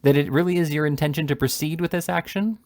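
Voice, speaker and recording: A man doing an indignant old gentleman. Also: fairly high pitch, fairly even intonation, quick pace, dry recording, voice pushed up, lightly acted. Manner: earnest, formal. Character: indignant elderly gentleman, stout, earnest.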